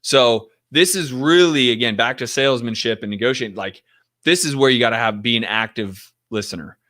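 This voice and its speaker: A man's voice: medium pitch, brisk, pushed and bright. A man teaching in a casual, direct way, often acting out sample phone calls to show what to say. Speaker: real estate investing coach.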